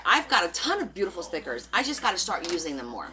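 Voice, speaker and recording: A woman's voice: on the low side, very animated, fast talker. A woman hosting a live crafting stream, chatting casually and rambling as she answers viewers' comments.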